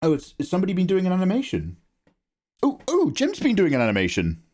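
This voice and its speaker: A man chatting casually to viewers on a live stream while drawing. He gets excited easily and swears freely, speaking into a close microphone. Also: sits high, fast.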